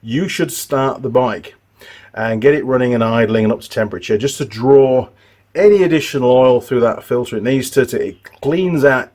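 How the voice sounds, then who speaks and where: A middle-aged motorbike mechanic hosts a repair tutorial on his channel, speaking at normal speed in a medium-pitched, slightly mellow voice. It's a casual workshop session, loose and rambling, with restarts and asides.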